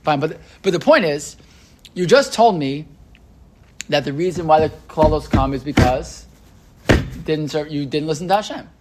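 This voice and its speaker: A man's voice: on the high side, animated, moderate pace, pauses often, slight background noise. A man teaching an informal class on a religious text, talking in a loose, conversational way with many fillers and restarts, and often asking his students questions.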